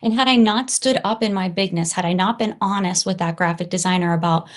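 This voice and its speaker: Middle-aged woman, podcast host, low-ish voice, earnest and reflective, leans on "right?" asides. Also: a little fast. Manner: earnest, frequent "right?" and "you know" asides. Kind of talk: reflective solo podcast talk.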